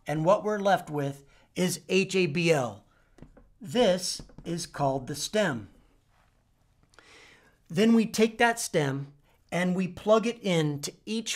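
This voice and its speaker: A man teaching a Spanish verb lesson, spelling out letters and repeating each form deliberately. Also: high-pitched. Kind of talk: whiteboard language lesson.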